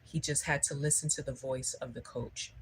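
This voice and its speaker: A woman's voice: a bass voice, steady tone, moderate pace, slight background noise, low-quality recording. A woman giving a spiritual livestream talk, telling a story conversationally and often checking in with her listeners. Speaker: spiritual speaker.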